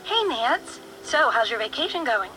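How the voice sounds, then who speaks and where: George, a wry teasing friend. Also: female voice, on the high side, very animated, normal speed, bright, forceful tone, a little hiss or hum, poor audio. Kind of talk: video game voice acting.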